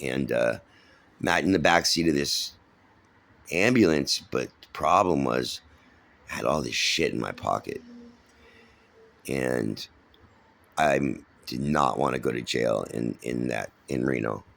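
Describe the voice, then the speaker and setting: A man's voice: very deep voice, unhurried, gravelly, pauses often, fairly bright tone. A middle-aged man from San Francisco, rambling through his life story in casual, profane talk full of fillers and restarts.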